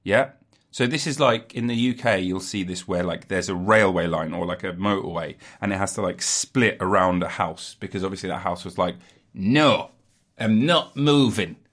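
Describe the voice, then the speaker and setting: A man's voice: low-pitched, fairly quick, fairly bright tone. A man ranting casually to his audience, sarcastic and sweary with mock outrage. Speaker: solo commentator. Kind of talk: rambling sarcastic rant.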